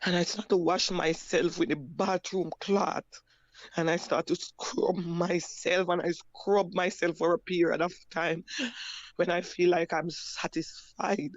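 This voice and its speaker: A Jamaican woman giving a personal testimony, halting and repeating her words as she recounts. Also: fairly low pitch, steady tone, dry recording, highs cut off. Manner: halting, repeats words and restarts, plain broken grammar. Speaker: survivor sharing her story.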